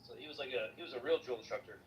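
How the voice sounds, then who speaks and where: A man hosting a casual chat, jumping in with trivia and quick questions for his guest. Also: medium pitch, rough recording. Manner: quick, chatty, asks questions, trivia-sharing.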